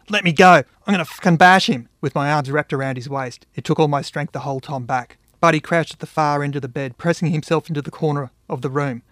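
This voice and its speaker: A man's voice: mid-range voice, dry recording. Man reading his own story aloud. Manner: acts out children's shouts. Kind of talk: first-person story reading.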